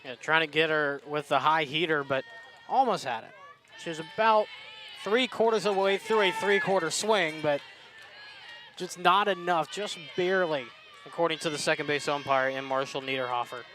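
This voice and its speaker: A man's voice: on the high side, normal speed, noisy background. Analytical male color commentator. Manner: analytical, coaching tone, laughs easily. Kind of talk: live sports commentary.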